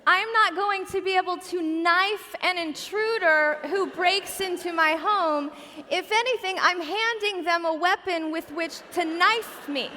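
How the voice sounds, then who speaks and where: A woman's voice: very high voice, measured pace, pushed and bright, in a large hall. A woman in her forties gives a church Christmas talk as a chatty, self-deprecating comic storyteller. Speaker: guest speaker at a church Christmas event. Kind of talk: humorous personal storytelling message. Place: large church auditorium.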